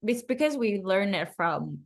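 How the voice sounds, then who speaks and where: A young woman from Macau co-hosting a podcast, telling quick, animated stories in casual chat. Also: mid-range voice. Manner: animated, quick storytelling with laughs. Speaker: podcast co-host.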